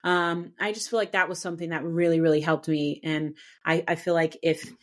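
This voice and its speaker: A woman speaking as a guest on a live Christian panel, giving an earnest, heartfelt testimony with halting restarts. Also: low-pitched, flat delivery.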